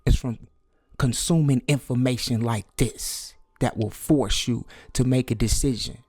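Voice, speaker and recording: A man's voice: medium pitch, unhurried, no echo. Preachy man vlogging, dry close sound. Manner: preachy, repetitive, drops to hushed whisper for emphasis. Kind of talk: conspiracy talk video.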